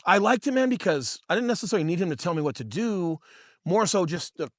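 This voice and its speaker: Animated profane man telling stories. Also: high-pitched, fast, dry recording, clean studio sound. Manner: animated, profane, calls listeners bro and dude. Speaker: podcast co-host and real estate agent. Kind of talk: casual storytelling chat.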